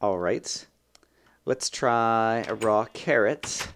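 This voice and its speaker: Young male let's-play host, low-pitched, casual thinking-aloud commentary, light noise floor. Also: extremely slow. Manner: chatty, thinks aloud, bursts of excitement. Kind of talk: gameplay commentary.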